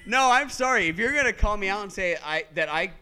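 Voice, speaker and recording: A young man hosting a podcast panel in front of people, talking loudly and swearing freely between bursts of laughter. His voice is fairly high and smooth. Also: lively intonation, fairly quick. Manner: loud, profane, laughing. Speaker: podcast host. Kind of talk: casual live panel banter.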